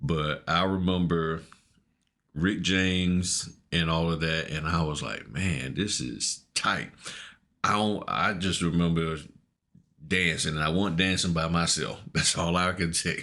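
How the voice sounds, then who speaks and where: Casting: low-voiced middle-aged man, relaxed slangy podcast storyteller. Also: measured pace. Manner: laid-back, laughing, slangy storyteller. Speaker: podcast co-host. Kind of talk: casual storytelling chat.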